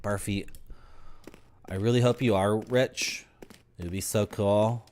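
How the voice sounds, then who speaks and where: Rambling deadpan male game streamer. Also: lowish voice, measured pace. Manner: rambling, deadpan absurd tangents. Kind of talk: live gameplay commentary.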